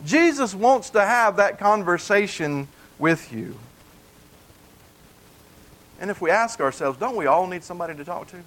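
A man's voice: sits high, expressive, normal speed, long pauses, a bit bright, poor audio. A male pastor preaching a conversational sermon in a plain, folksy way, earnestly repeating key points for emphasis.

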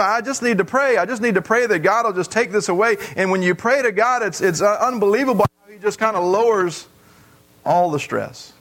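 A pastor delivering a sermon to his congregation in church, earnest and repetitive, with long drawn-out pauses. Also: on the high side, a bit bright.

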